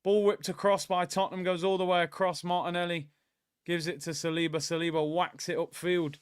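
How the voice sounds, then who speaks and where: Excitable young man, dry close mic. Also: high voice, a little fast, clear, resonant tone, no room sound. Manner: excitable, shouts at the players during attacks. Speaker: watchalong host. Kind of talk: live football watchalong commentary.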